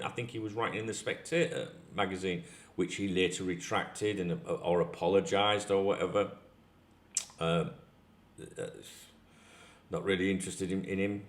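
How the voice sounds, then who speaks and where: Rambling man ranting on a vlog. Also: lowish voice. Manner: rambling, frequent restarts and swearing. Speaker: football channel host. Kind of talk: casual vlog rant.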